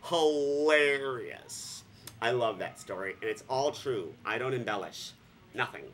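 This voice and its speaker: A man from Vermont telling a story on his vlog, joking and sarcastic, sometimes breaking into squealing high voices. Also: a bit bright, a little hiss or hum. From Vermont, USA. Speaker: vlogger. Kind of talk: casual comic storytelling.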